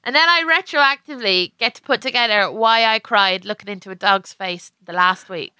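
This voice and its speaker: A woman's voice: medium pitch, moderate pace, sharp tone, smooth, no echo. A woman co-hosting a comedic podcast over a video call, wry and self-mocking, often breaking into giggles. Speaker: podcast co-host.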